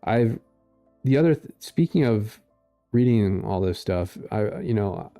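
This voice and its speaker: Gravelly, dark-voiced man in his forties. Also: fairly low pitch, expressive, measured pace, soft background music. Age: 40s. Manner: rambling, sarcastic, many fillers. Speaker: political commentary streamer. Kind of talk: casual commentary reading posts aloud.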